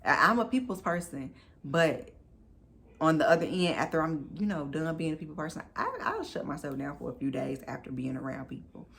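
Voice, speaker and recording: A woman's voice: low-pitched, very animated, fairly quick, creaky, a bit bright. A woman in her thirties, a new mom telling her story to camera in a candid, chatty, emphatic way.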